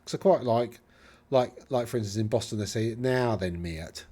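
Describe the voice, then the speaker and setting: A man's voice: mid-range voice, steady tone, fairly quick, mellow, husky. A middle-aged man speaking received-pronunciation English with slight Lincolnshire traces, rambling off-topic in a casual monologue as a podcast host. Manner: rambling and digressive, hesitant.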